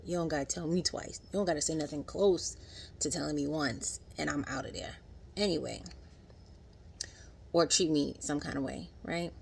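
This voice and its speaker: A woman in her thirties recapping a TV episode in casual, animated vlog commentary, acting out quotes. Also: moderate pace, creaky, a little hiss or hum. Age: 30s. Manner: chatty, animated, acts out quotes in higher voice. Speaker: vlogger.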